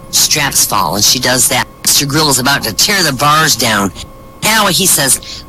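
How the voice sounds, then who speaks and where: A man tells a string of jokes in a bright, slightly high voice, throwing himself into the characters' lines. Soft music plays faintly behind him. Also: normal speed, rough recording. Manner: lively storyteller acting out the characters' lines. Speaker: comedian telling jokes. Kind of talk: stand-up joke telling in a voice chat room.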